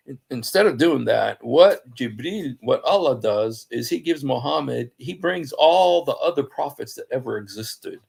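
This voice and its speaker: A man's voice: medium pitch, lively intonation, unhurried, gravelly, slightly rough. A man giving an informal talk on scripture, telling the story conversationally and acting out the quoted speech of the people in it. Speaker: Christian apologist speaker.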